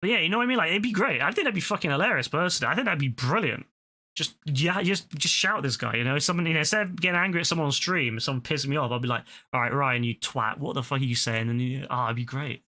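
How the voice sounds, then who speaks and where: A man's voice: fairly high pitch, lively intonation, racing, sharp tone. A young man streaming casual reaction commentary, rambling with frequent stammered restarts and plenty of swearing.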